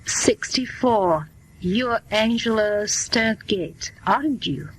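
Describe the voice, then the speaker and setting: A woman's voice: medium pitch, animated, husky, low-quality recording. A woman reading as a kindly family doctor. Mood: reassuring. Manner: slow, plain reading voice. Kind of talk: scripted dialogue for learners.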